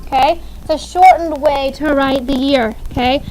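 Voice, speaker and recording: High-voiced upbeat woman teacher. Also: normal speed, a little mellow, a little hiss or hum, low-quality recording. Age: 30s. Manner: upbeat, checks in with "okay?" often. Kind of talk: classroom grammar lesson. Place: classroom.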